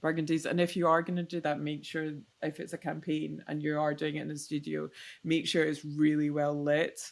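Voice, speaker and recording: A woman co-hosting a podcast in casual industry chat, animated and full of restarts and asides. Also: low-pitched, a little fast, vocal fry. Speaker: podcast co-host.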